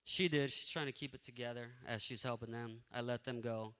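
A man telling a faith testimony in a lively, casual way, acting out what people said. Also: mid-range voice, a little fast, long reverb tail. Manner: energetic, animated storyteller who acts out what people said. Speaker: speaker sharing a faith testimony.

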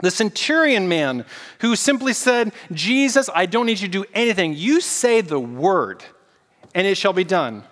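A man preaching a casual, animated sermon and getting the congregation to repeat words back to him. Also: sits high, moderate pace, big-room sound. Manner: casual, animated preaching with audience call-and-response. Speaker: pastor.

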